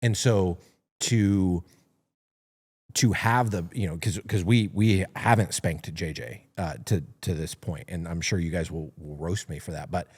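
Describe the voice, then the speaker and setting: A man's voice: low voice, fairly even intonation, a little slow, a little mellow, husky. A man co-hosting a casual discussion, speaking hesitantly with many restarts. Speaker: podcast co-host.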